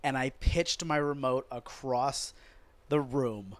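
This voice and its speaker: A man hosting a podcast, ranting sarcastically and profanely about wrestling in a casual, animated way. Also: medium pitch, slow, dry recording. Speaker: podcast host.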